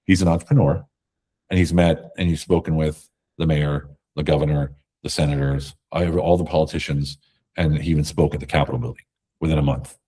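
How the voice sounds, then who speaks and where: Deep-voiced guest, husky and dark, emphatic storyteller. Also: male voice, fairly quick. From America. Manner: emphatic, animated storytelling with acted quotes. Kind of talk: conversational interview.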